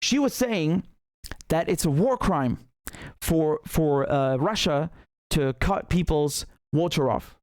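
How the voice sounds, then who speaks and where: A man's voice: a little high, expressive, takes it slowly, no echo. A man hosting a live political commentary show who talks in a heated, indignant way, often repeating words and restarting sentences.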